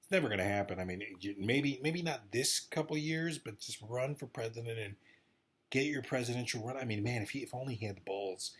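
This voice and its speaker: A man giving a rambling, excitable casual monologue about politics, repeating himself often. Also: mid-range voice, fairly quick, husky. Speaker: political commentator vlogger.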